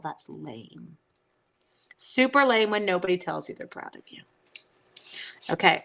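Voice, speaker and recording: A woman's voice: fairly low pitch, creaky, fairly bright tone, low-quality recording. A middle-aged woman hosting a casual crafting livestream, chatting and teasing herself while answering viewer comments.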